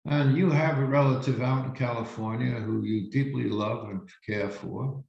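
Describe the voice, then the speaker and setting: Gravelly-voiced reverend teaching slowly. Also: male voice, mid-range voice, a little mellow. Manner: slow, reflective storytelling with emphatic pauses. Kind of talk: spiritual teaching talk. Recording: roomy, dull lo-fi recording.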